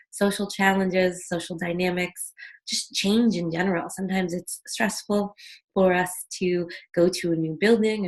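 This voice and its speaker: A woman hosting an online wellness workshop over a video call, talking in a friendly, chatty way and guiding listeners through a breathing exercise. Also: lowish voice. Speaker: workshop host. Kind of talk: casual online workshop talk.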